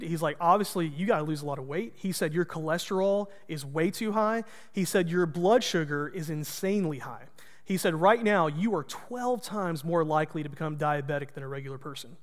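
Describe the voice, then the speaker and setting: A man's voice: high-pitched, long reverb tail. A man, a pastor, telling a personal story in a folksy, self-deprecating sermon.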